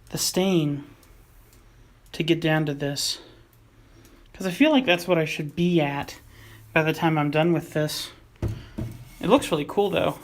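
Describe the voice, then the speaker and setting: A woman's voice: on the low side, darkish tone. A woman narrating her own guitar refinishing project in a hands-on vlog, thinking aloud in a musing, hesitant way with frequent fillers and self-corrections. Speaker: DIY maker refinishing a guitar.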